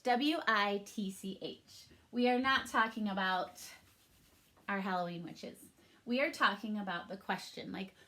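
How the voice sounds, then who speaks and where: Slow, patient woman teacher. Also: a little high, a bit bright. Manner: slow, patient, explaining and spelling out letters. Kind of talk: recorded remote classroom lesson.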